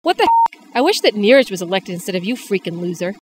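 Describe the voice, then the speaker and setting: A woman's voice: medium pitch, sing-song, quick pace, slight background noise, close to an everyday voice. A young woman playing a fed-up teacher in an amateur comedy sketch. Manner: exasperated, swearing when fed up. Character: exasperated female teacher.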